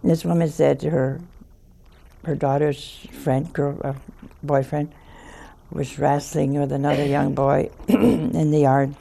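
An older woman telling a story in a slow, folksy way, chuckling as she goes. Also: low voice, fairly even intonation, gravelly, mellow, slight background noise. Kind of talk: storytelling talk.

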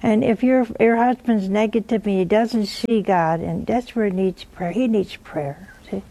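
An older woman giving gentle pastoral advice, often pausing to ask "see?". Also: mid-range voice. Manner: gentle, unhurried, peppered with "see?". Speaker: religious advisor answering a viewer.

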